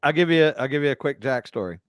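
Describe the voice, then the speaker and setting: A man's voice: mid-range voice, expressive, fast, no echo, clean studio sound. A man from Illinois hosting a podcast, chatting and telling stories in an easygoing way. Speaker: podcast host. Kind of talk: casual podcast chat.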